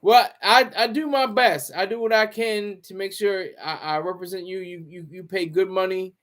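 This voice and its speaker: High-voiced joking male livestream host. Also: steady tone, normal speed, fairly bright tone. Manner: chatty, joking, talks to chat. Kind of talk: casual commentary.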